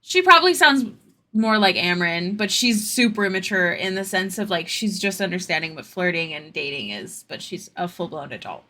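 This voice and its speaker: A woman's voice: on the low side, normal speed, hardly any pauses, pushed and bright. A young woman streamer chatting casually with her viewers while she draws, answering their questions in rambling asides.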